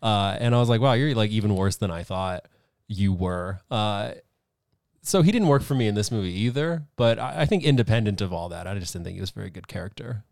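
A man's voice: fairly low pitch, lively intonation, brisk, gravelly, a little mellow, no echo, clean studio sound. A man co-hosting a podcast, chatting casually with a skeptical, incredulous edge. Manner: skeptical, incredulous, laughs at absurd points. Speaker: podcast co-host. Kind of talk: casual chat.

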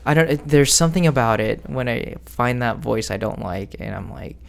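A man chatting as a podcast guest, rambling candidly and restarting his sentences. His mid-pitched voice is gravelly yet resonant. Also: expressive, normal speed. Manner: rambling, self-correcting, candid. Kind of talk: casual chat.

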